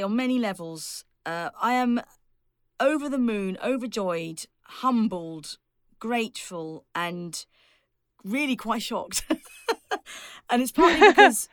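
This is a woman talking as a guest on a podcast, a speaking coach who hands out lively, emphatic tips. She laughs easily. Her voice is close and dry, with no room sound. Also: fairly high pitch, no room sound. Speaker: public speaking coach and author.

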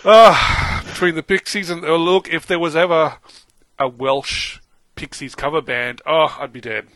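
Bright, animated Australian man. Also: a little high, unhurried, no echo. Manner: animated, laughs often, exclaims. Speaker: podcast co-host. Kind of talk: casual chat.

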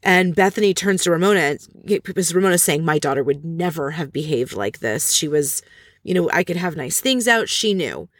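A woman's voice: sits low, animated, moderate pace, dry recording, studio quality. A woman casually recapping a reality TV episode, chatty and opinionated as she retells the scenes. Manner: chatty, gossipy, opinionated storytelling.

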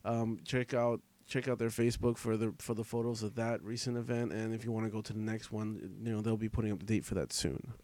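A man co-hosting a podcast, reading off plugs in a relaxed, rambling way with plenty of fillers. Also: lowish voice, fast talker, few pauses. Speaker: podcast co-host. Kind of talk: casual chat, show plugs.

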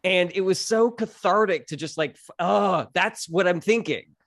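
A man on a podcast, chatting casually and telling stories in an animated way, jumping into quick voices. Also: high-pitched, dry recording, clean studio sound. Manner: animated storyteller, acts out quick voices in his anecdotes. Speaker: podcast guest, comedian. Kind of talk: casual chat.

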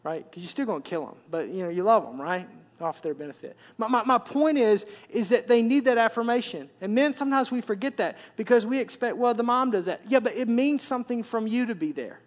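A man's voice: high-pitched, animated, a little fast, few pauses. A man, preaching a conversational sermon and repeating words as he builds up. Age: 40s. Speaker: pastor.

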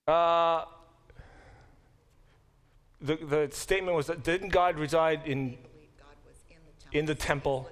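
A male professor lectures in a classroom, his somewhat high voice jumping up and dropping back down as he explains. He talks in an animated, self-deprecating way, with restarts and quick asides. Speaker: professor teaching a Bible class.

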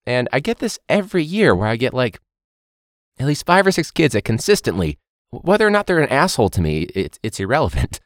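A young man who is a teacher, hosting a podcast in a casual, animated monologue with quick impressions of students. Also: no room sound, clean studio sound. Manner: animated, mimics students in high voices.

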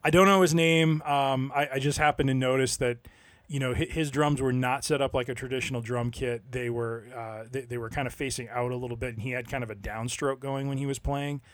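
Halting male podcast co-host, mid pitch, dry close-mic sound. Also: steady tone, no echo. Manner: hesitant, full of ums and restarts. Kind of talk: casual podcast chat.

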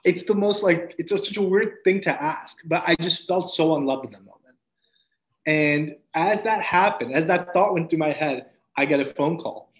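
A man with a somewhat high voice tells his personal faith testimony as a podcast guest. He speaks earnestly and reflectively, often restarting his sentences and letting out soft laughs. His voice rings with a roomy echo. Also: normal speed.

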